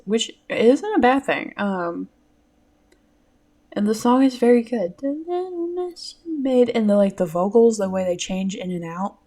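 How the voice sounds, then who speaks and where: A woman's voice: mid-range voice, dark tone. Giggly, rambling young woman podcaster. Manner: rambling, giggly, swears casually. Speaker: podcast host. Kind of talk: casual solo podcast chat.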